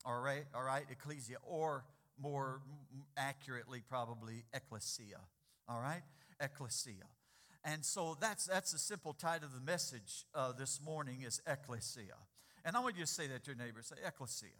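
Bright-voiced male pastor preaching. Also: medium pitch. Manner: call-and-response with congregation, repeats key words; quiet and slow in prayer, louder and rising when exhorting. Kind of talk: sermon.

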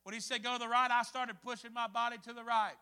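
A pastor delivers a sermon in a strikingly high voice with a bright, forceful edge, telling his story with sharp swings between hushed asides and loud bursts. His delivery is flat and fast yet clear and resonant, ringing with the long reverb of a church hall.

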